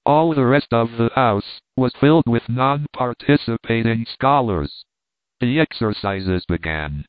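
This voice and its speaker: A man reads a classic novel aloud as an audiobook narrator, measured and steady, even saying the punctuation marks. His voice is smooth and clear. It sounds dry and tinny, like it is coming over a phone line. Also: medium pitch, dry recording. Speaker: audiobook reader.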